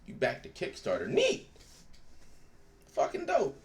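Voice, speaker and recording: A man's voice: high-pitched, huge pitch swings, unhurried, a little hiss or hum. A man hosting a live stream, chatting casually with viewers. He swears freely and laughs often. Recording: roomy echo.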